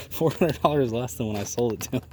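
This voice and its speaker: A man's voice: mid-range voice, fairly quick, slight background noise. A man, telling a casual, profane, rambling story about old cars. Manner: profane, rambling, laughs often. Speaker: garage vlogger.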